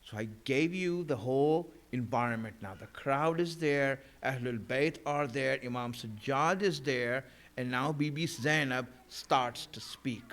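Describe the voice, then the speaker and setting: A man's voice: mid-range voice, measured pace, few pauses, fairly bright tone. A man delivering a mourning sermon in a conversational way, with many fillers and restarts, at a mosque. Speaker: religious speaker. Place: mosque hall.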